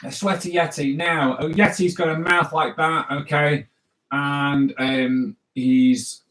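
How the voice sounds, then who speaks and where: A playful man with a fairly high voice talks his viewers through live cartoon drawing. His commentary is jokey and chatty, full of asides and silly sounds as he draws. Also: steady tone, slow pace, a bit bright, poor audio. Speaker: cartoonist host. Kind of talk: live drawing stream for kids.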